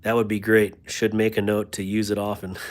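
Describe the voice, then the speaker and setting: Guy with a lowish voice hanging out on his stream, reading chat, chatty and self-deprecating. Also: flat delivery, normal speed. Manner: chatty and self-deprecating, thanks viewers warmly. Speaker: host of a knife livestream. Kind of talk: casual livestream chat reading comments.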